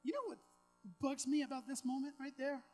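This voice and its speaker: Woman, preacher, sermon, conversational asides, emphatic repetition, slightly high voice. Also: steady tone, brisk, warm tone, soft background music, low-quality recording. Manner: conversational, with casual asides and self-deprecating humor.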